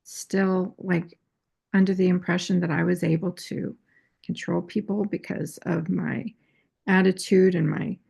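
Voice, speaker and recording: A woman's voice: on the low side, steady tone, measured pace, vocal fry, a little mellow, slightly rough. A woman host telling a personal story in a casual, candid, self-critical way, often restarting her phrases. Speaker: astrology and tarot channel host. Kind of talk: casual confessional talk.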